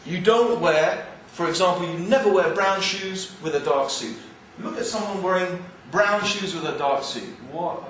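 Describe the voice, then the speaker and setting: English guy with a bit of east london twang, preachy and jokey, highish voice, big echoey hall, mic far away. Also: moderate pace, hardly any pauses, slight background noise. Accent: English, mixed with East London. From England. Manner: animated, joking, conversational. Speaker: Islamic speaker. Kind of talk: religious lecture to an audience.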